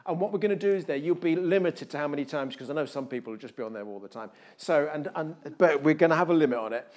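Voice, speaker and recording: A man's voice: a little high, fast. A man preaching a sermon and giving church announcements in a conversational, jokey way. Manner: conversational, jokey asides, animated shifts in volume. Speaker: pastor. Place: church hall.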